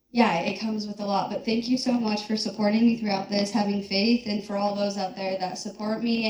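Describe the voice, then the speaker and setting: Woman cast member on a panel, earnest, halting; roomy hall mic. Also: medium pitch, darkish tone. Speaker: reality show cast member. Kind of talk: panel discussion answer. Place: event hall. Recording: echoey hall with faint noise.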